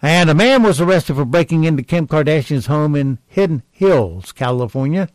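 A man hosting a radio talk show, reading jokes deadpan and stalling with ums between segments. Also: fairly high pitch, normal speed, no room sound, poor audio.

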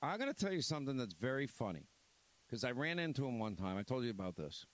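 A man's voice: mid-range voice, very animated, fast. A man hosting a talk radio show, rambling and blunt, reading an ad and chatting casually. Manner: rambling, blunt, repeats himself.

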